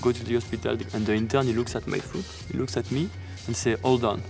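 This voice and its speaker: French-accented man with a gravelly voice. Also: mid-range voice, steady tone, fast, over music. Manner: laughs often, acts out others' lines. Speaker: BMX rider telling a story. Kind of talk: animated personal storytelling.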